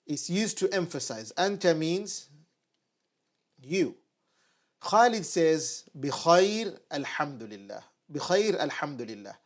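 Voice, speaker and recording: A man giving an online Arabic lesson at a whiteboard, patiently repeating phrases slowly for his learners. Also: on the high side, very animated. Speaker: Arabic teacher.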